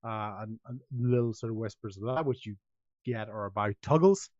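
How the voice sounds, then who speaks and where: A man's voice: fairly low pitch, normal speed, a little mellow, no echo, dull audio. A man narrating a tabletop game as game master, rambling with many restarts. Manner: rambling, full of restarts, voicing many characters.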